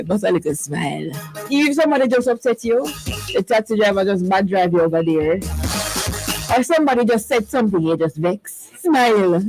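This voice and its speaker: A woman with a Jamaican accent hosting a live radio show, chirpy and quick to laugh. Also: on the high side, low-quality recording. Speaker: radio host. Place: radio studio.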